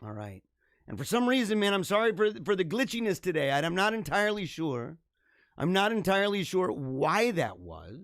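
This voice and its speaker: A man hosting his own livestream show, signing off in an energetic, rambling, chatty way, his voice a little hoarse. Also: high-pitched, normal speed, dry recording, studio quality. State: slightly hoarse. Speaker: podcast host. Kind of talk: casual livestream sign-off.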